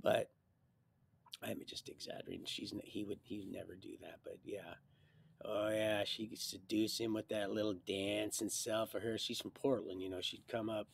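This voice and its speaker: A man rambling through a personal life story on a livestream, jumping between loud bursts and quiet mutters. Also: on the low side, level tone, moderate pace, gravelly, a little hiss or hum. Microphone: streaming mic.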